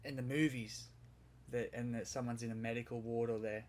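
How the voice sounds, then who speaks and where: A man's voice: mid-range voice, level tone, brisk, a little mellow, a little hiss or hum. A man, a podcast guest, telling a vivid story in casual conversation, rambling a little with restarts.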